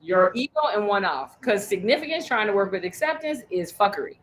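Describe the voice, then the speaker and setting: A woman coaching a group in an animated, emphatic, blunt way, with the odd curse. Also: medium pitch, fairly quick, slight background noise, low-quality recording. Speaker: sales coach. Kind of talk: coaching talk.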